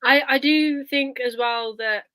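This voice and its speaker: A woman chatting casually about a book, animated and hesitant, with many restarts. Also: high-pitched, unhurried, no echo.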